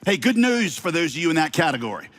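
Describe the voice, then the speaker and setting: A middle-aged man with a slight Southern accent, preaching a sermon to his congregation with lively delivery and playful asides. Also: on the high side, quick pace. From Southern United States. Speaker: pastor.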